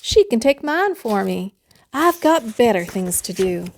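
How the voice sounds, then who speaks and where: A woman's voice: on the high side, very animated, measured pace, heavily acted. A woman voicing an earnest, literal-minded housekeeper in a children's storybook, with a chirpy, matter-of-fact manner. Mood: cheerful, stubborn. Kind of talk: storybook character voice.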